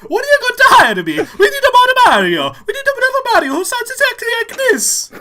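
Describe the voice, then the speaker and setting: A man putting on a loud, exaggerated jolly Italian cartoon plumber voice, shouting frantically. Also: very high voice, huge pitch swings, quick pace, noisy background, voice pushed up, full character voice. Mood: frantic. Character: loud frantic man doing a Mario impression.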